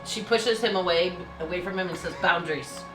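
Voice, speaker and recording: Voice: medium pitch, a little fast. A tabletop player narrating her character's actions in the third person. The voice is recorded in an echoey room, with music playing behind.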